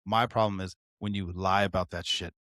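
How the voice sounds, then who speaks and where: A man co-hosting a casual podcast. He tells stories in an animated way, rants with swearing, and acts out the lines he quotes. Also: low-pitched, brisk, no echo, studio quality. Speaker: podcast co-host. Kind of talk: casual chat.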